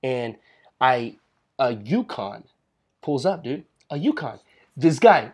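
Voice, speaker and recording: Husky, lively young man telling stories. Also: medium pitch, slow pace. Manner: loose, storytelling, swears freely. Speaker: podcast co-host. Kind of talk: casual podcast chat.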